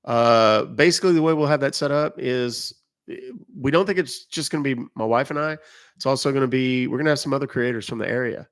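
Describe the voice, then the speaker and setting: A man's voice: mid-range voice, brisk. A middle-aged man chatting casually on a live stream, rambling and joking as he reacts to viewer comments. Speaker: live streamer reading chat.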